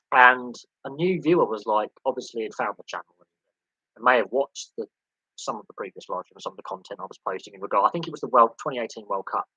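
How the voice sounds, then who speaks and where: A man's voice: mid-range voice, bright, forceful tone, breathy edge, no echo. Rambling man on a lo-fi mic. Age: 30s. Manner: rambling, with many fillers and restarts. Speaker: sports channel host. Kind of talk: casual live-stream chat.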